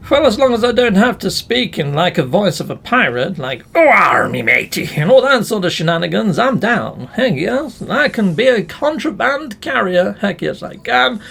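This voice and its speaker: A playful man commenting on his game, high-pitched and bouncy with a lively melody. His voice is gravelly and a touch husky, and he chats away to his viewers with mild swearing. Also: moderate pace, few pauses. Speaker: let's play gamer.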